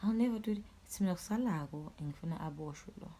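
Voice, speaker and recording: A young woman with a Swazi accent, telling a storytime vlog in an angry, animated way, swearing and switching languages. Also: fairly low pitch, quick pace, husky. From Eswatini. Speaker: YouTuber.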